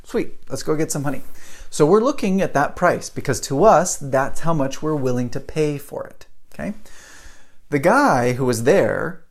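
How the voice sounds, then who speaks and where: A man in his thirties hosting a podcast, telling a story casually to camera, animated, chuckling often and tossing in rhetorical questions. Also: fairly high pitch, moderate pace. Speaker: podcast host.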